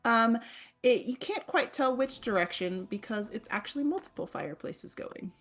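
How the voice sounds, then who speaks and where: A woman's voice: fairly high pitch, expressive, normal speed, soft background music. A woman narrating a tabletop game as game master, describing scenes with frequent ums.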